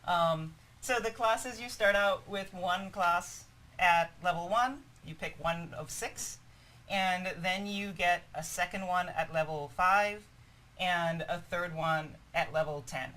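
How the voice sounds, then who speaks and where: A hoarse woman presenting a live game demo stream, explaining features in an upbeat way. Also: lowish voice, slow, a bit bright, rough recording.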